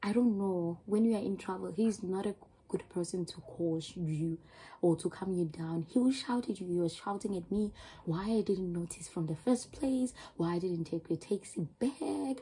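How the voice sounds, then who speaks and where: Young south african woman vlogging a storytime, kinda low, husky and mellow, lots of restarts. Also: normal speed, rough recording. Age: young adult. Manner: emotional, rambling retelling with many restarts. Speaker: YouTuber. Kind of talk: storytime vlog.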